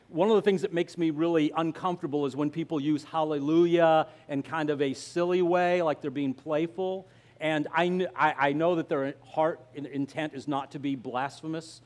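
Pastor in his 50s-60s, fairly high-pitched, loose and chatty sermon delivery with lots of filler hesitations. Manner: conversational, halting, heavy with fillers. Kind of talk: live church sermon.

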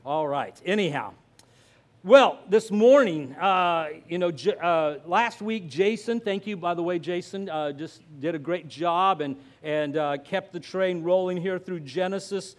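Halting, chatty pastor with a high voice. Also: male voice. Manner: conversational, halting, heavy with fillers. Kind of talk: live church sermon.

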